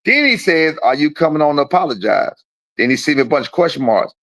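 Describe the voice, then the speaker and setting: Guy on a phone call ranting, cocky and cussing, kinda high voice, dry sound. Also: very animated, quick pace, a bit bright, no room sound. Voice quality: profane, boastful and combative. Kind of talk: heated casual phone talk.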